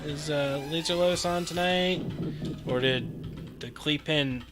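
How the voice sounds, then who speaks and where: Slightly high-pitched and slow-paced, this man hosts a live pinball stream over music. He chats casually with his viewers, laughs often, and keeps talking to chat as he plays.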